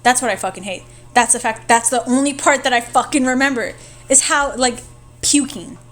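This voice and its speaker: A woman's voice: sits high, moderate pace, fairly bright tone, soft background music. A young woman co-hosting a podcast, telling a story in casual chat, laughing and swearing freely. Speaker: podcast co-host.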